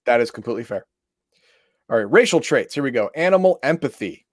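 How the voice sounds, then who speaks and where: A man's voice: mid-range voice, sing-song, a little fast, no echo, clean studio sound. Man ranting while reading game rules. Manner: reads rulebook text aloud, then breaks into exasperated, profane rants. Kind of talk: casual chat, reading rules aloud.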